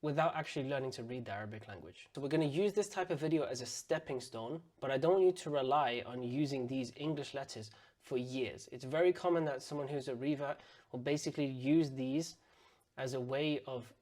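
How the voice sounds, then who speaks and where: Man, teacher, pronunciation lesson, patient, repeats sounds slowly. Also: mid-range voice, darkish tone. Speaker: Arabic and Quran teacher.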